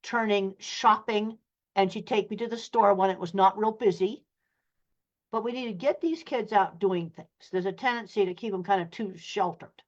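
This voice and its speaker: A woman's voice: medium pitch, normal speed, dull audio. An older woman, a professor, giving a lecture-style talk over a video call in a direct, plainspoken way with blunt practical examples. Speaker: guest speaker, professor of animal science.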